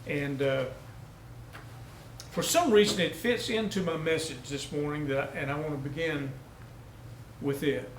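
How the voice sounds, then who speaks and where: A man's voice: fairly high pitch, unhurried, long pauses. A man, a pastor, telling a folksy story during a sermon. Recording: echoey room with faint noise.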